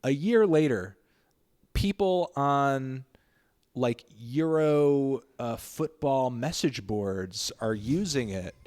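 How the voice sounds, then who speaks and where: A man's voice: mid-range voice, lively intonation, slow pace, a little mellow. Chatty man hosting an interview. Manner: chatty, laughs easily, breaks into silly voices. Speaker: interview host. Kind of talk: casual interview chat.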